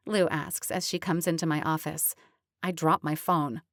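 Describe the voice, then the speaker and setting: A woman narrating a romantic comedy audiobook in the first person, lively and chatty. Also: sits low, normal speed, no echo, studio quality.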